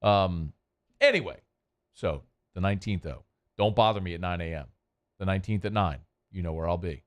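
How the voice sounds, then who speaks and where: Male sports radio host, lowish voice, loose chatty delivery. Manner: chatty, loose, quick asides. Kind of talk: casual sports talk and live ad read.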